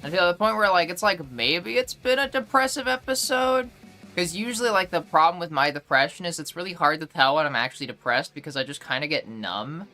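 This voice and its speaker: A woman's voice: fairly low pitch, animated, a little fast, bright, forceful tone, soft background music. A young woman streaming live, chatting casually and rambling with lots of fillers and restarts.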